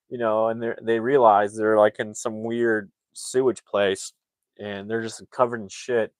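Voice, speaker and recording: A man's voice: mid-range voice, level tone, moderate pace, no room sound. A man casually recapping a film's plot as a movie reviewer, rambling with lots of fillers.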